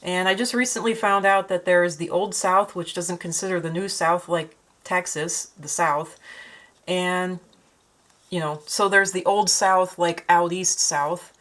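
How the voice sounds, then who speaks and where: A woman's voice: fairly low pitch, fairly even intonation, a little slow, a bit bright, poor audio. A woman with a northern Minnesotan accent, talking in a rambling, chatty way to her own camera at home while she paints. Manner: meandering, chatty, many fillers and restarts. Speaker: vlogger and artist. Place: at home, indoors. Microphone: camera she set up herself.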